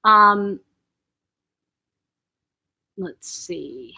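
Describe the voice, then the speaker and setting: An older woman hosting a casual live chat, reading viewer comments aloud, chatty and quick to laugh. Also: medium pitch. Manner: warm, chatty, reacts to comments, laughs often.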